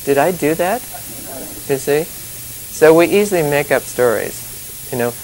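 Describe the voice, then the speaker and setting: A male meditation teacher with a slightly high, darkish voice and lively intonation speaks unhurriedly, pausing often, in an informal dharma talk. He rambles chattily, wanders and restarts, laughs a lot, and sprinkles in "you know" and "you see?" The recording is rough, with a faint hiss.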